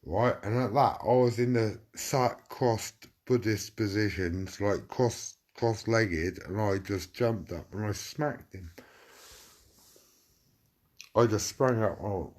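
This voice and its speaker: A man's voice: on the low side, unhurried, a little mellow. A middle-aged man telling a casual anecdote, swearing freely and acting out what people said. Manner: swearing, acts out quotes with "I said". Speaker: storyteller.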